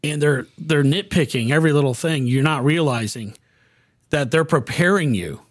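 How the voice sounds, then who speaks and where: A man's voice: fairly high pitch, moderate pace, no echo, studio quality. A man co-hosting a casual talk show, speaking earnestly and often repeating words as he thinks. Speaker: podcast co-host. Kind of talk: casual chat.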